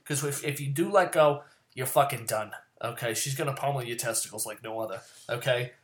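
A man talks through his fantasy football lineup in a loose, swearing rant, with a voice pitched in the ordinary middle range. He gets loud and heated on his tangents, then sinks back to low, mumbled asides. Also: fairly quick. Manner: profane, rambling and ranting, swears often.

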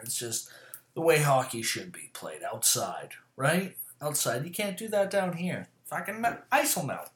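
A man's voice: mid-range voice, very animated, moderate pace, fairly bright tone. Profane, rambling man in an echoey room. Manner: rambling, profane, fillers and self-corrections. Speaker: vlogger. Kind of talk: casual chat to camera. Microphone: camera mic.

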